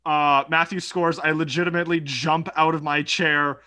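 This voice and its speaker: Excitable young man, bright voice. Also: fairly high pitch, normal speed. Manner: animated, swears, laughs while telling a story. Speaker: podcast co-host. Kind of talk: casual chat.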